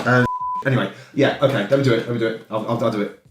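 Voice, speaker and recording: A man in an improv comedy scene, talking in halting, mumbled, self-mocking asides. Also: medium pitch, fairly even intonation. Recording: roomy sound with faint noise.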